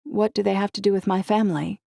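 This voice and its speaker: A woman voicing a teenage girl with a rough, raspy voice, earnest and anxious. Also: mid-range voice, fairly even intonation, quick pace, mellow, no room sound, pitched above the performer's own voice. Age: teens. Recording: dry close audiobook recording.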